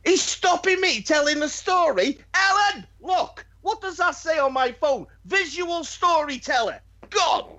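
Give me a rambling man, lively pitch. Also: measured pace, hardly any pauses. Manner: rambling, swears, lots of restarts. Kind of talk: casual chat.

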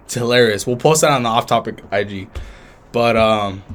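Young guy from Southern California, podcast co-host, swears freely and jokes, mid-pitched voice. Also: moderate pace, a bit bright. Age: young adult. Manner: loose, profane, joking banter. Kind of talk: casual podcast chat.

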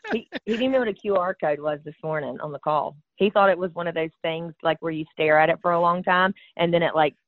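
A woman's voice: lowish voice, quick pace, hardly any pauses, dry recording. Middle-aged woman co-host, Alabama drawl, rambling and jokey; tinny phone-like sound, dry. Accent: Alabama Southern. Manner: chatty, rambling, joking. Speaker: podcast co-host. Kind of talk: casual chat.

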